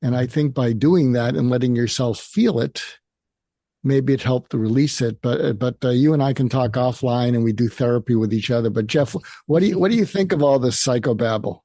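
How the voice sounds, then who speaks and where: A man's voice: medium pitch, fairly quick, mellow, no room sound, clean studio sound. A man hosting an interview show, talking in a conversational, self-deprecating way with hesitant restarts. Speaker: host. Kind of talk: casual interview chat.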